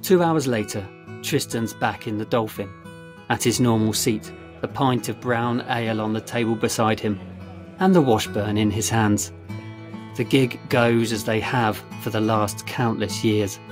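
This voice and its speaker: A man narrating a story in a steady, measured reading voice. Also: medium pitch. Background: faint guitar music.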